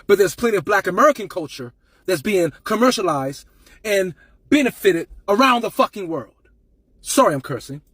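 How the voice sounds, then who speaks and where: Emphatic male commentator, high husky voice, dry close sound, repetitive preaching cadence. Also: animated, normal speed, a bit bright, no echo. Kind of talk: impassioned rant to camera.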